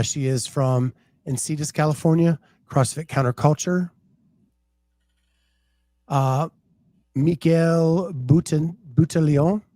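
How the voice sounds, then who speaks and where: Slow-talking male podcast host. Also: a little high, mellow, no room sound. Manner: unhurried, chatty, reads names off a post. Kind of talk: casual chat.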